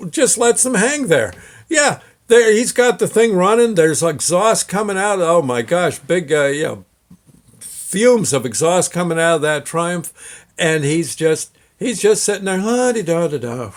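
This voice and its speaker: A man hosting his show and telling a casual anecdote in a rambling way, with many fillers and restarts and frequent chuckles. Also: on the high side. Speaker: show host, storyteller.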